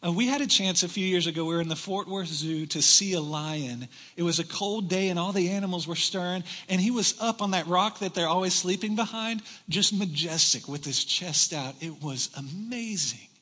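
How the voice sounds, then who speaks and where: A man with a high, bright voice preaches to his congregation. He is animated and teases his listeners with jokes between points. The sound carries the long reverb of a church hall. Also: moderate pace, hardly any pauses. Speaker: pastor. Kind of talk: sermon.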